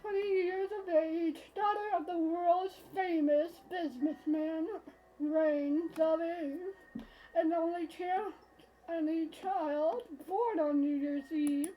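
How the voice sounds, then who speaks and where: A woman's voice: very high voice, steady tone, slow pace, mellow, slight background noise, rough recording. A woman voicing a brash, upbeat female God, reading a visual novel aloud in a teasing, playful manner.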